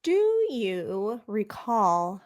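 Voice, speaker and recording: A woman's voice: medium pitch, extremely slow. Dry-witted woman podcast co-host. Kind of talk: casual chat.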